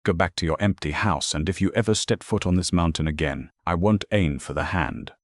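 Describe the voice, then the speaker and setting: Male narrator doing a steely frontier woman: cold, measured, dry close sound. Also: low voice, no room sound. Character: steely young frontier woman, calm and deadly.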